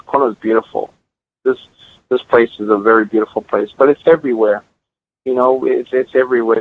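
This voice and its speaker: A middle-aged man, a guest musician, telling stories emphatically and repeating words as he builds his point, heard over a tinny line. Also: medium pitch. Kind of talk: earnest storytelling in conversation.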